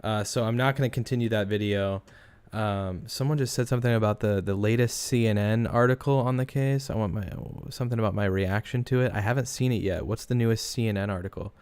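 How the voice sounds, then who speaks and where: A man's voice: on the low side, fairly quick, darkish tone, clear, resonant tone. A man casually commenting on a news story during a live stream, reacting to viewer comments as he goes.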